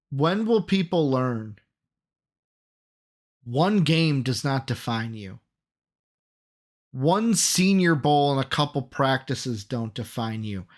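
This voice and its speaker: Male podcast co-host, mid-pitch, energetic and chatty, quizzes his partner. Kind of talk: casual sports chat.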